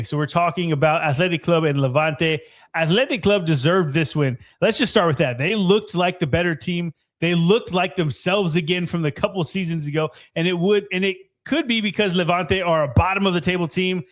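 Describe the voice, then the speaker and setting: Guy on a soccer podcast, kinda high voice, hyped and swears a lot. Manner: excitable, swears freely. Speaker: podcast co-host. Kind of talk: casual soccer match review.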